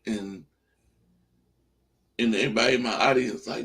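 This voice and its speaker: A man who works as a teacher, telling a story with lively energy and acting out the back-and-forth in casual chat. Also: on the low side, moderate pace. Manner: animated storyteller, acts out dialogue. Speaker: teacher, guest.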